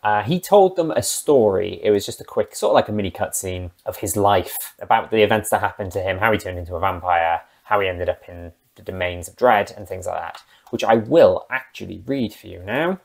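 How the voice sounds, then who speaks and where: A man's voice: sits low, expressive, brisk, creaky, few pauses. A man who runs a tabletop game, chatting casually and rambling with asides as a channel host. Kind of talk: casual talk about a tabletop game character.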